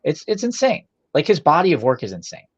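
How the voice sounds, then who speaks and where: A man co-hosting a podcast, talking in a rambling, animated way with fast bursts and lots of swearing. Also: fairly high pitch, breathy edge, no room sound. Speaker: podcast co-host. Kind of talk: casual chat with heavy swearing. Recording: dull lo-fi dry sound.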